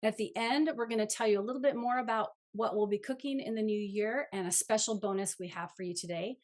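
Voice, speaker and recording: A woman's voice: medium pitch, fast, a little mellow. A woman co-hosting an online cooking class, reading prepared remarks and going through the plan in an organized way. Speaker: co-host. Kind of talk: scripted class introduction.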